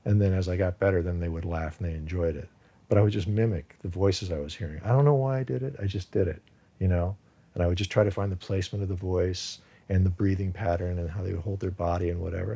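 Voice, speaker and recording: A man's voice: low-pitched, creaky, a little mellow, slightly rough. A man whose first language was Farsi, talking casually as an actor being interviewed, rambling with many restarts. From United States.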